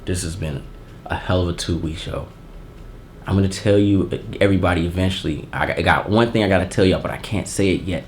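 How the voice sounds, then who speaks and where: A man hosting a casual unboxing vlog, giving heartfelt, emotional thanks in relaxed, slangy talk. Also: sits low, fairly quick, slight background noise. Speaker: channel host.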